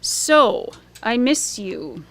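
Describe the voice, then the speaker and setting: A woman's voice: on the high side, sing-song, extremely slow, a bit bright, a little hiss or hum. A woman singer-songwriter chatting onstage between songs at a live concert, losing and finding her train of thought. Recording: live concert recording with music underneath. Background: guitar playing.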